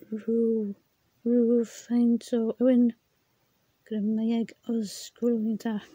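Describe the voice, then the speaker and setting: A woman slowly reading words from her exercise book, repeating them, stumbling and laughing at her own attempts. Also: fairly high pitch, mellow, husky, no room sound. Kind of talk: slow read-aloud vocabulary practice.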